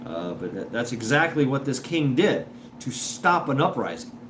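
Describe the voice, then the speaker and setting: A man talks casually on a livestream, reacting to chat in stop-start bursts and repeating himself as he goes. His pitch swings around a lot. A steady hiss of background noise sits under the voice. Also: normal speed. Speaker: livestream host reading chat. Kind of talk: casual rambling livestream talk.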